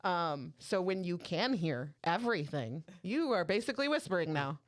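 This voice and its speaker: A woman's voice: on the low side, very animated, moderate pace. A woman co-hosting a podcast in casual chat, telling family stories and acting out the dialogue. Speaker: podcast co-host.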